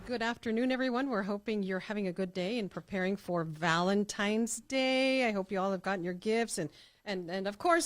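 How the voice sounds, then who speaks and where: A woman hosting a podcast in a casual interview chat, lively and quick to laugh. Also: medium pitch, no room sound. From El Paso, Texas. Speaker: podcast host.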